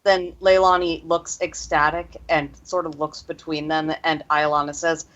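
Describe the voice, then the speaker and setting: A woman's voice: low-pitched, little pitch movement, fairly bright tone, lo-fi sound. A woman playing a tabletop role-playing game, narrating her characters' actions hesitantly. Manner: hesitant, halting. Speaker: player. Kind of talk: tabletop role-play chat.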